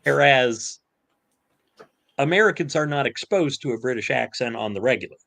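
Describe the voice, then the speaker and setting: A man co-hosting a relaxed podcast conversation, his pitch swinging up and down with animation. He stops and restarts often, padding his sentences with ums and uhs. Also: vocal fry. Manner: halting, lots of fillers and restarts. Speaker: podcast co-host. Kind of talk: casual chat.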